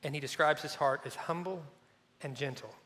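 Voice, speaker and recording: Middle-aged man, pastor, high bright delivery, chatty sermon style, church hall reverb. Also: normal speed. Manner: animated, conversational preaching with playful asides.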